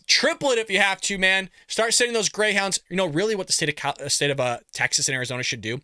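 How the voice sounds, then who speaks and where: A political commentary show host with a bright, fairly high-pitched male voice reacts to the news with opinionated commentary. He's sarcastic and animated, laughing at his own jabs, and the studio-quality recording has no echo.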